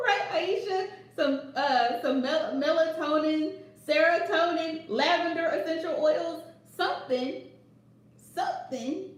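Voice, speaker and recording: A woman tarot reader chatting casually on a livestream, sarcastic and laughing often. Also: high-pitched. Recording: echoey room, distant mic.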